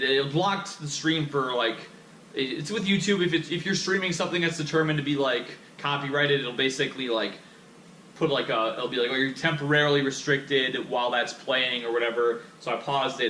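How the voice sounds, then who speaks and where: A man's voice: mid-range voice, fairly bright tone. Young man ranting with heavy swearing. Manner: swears constantly, heated and exasperated. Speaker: vlogger. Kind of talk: profane ranting monologue. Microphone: action camera. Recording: echoey room, faint background noise.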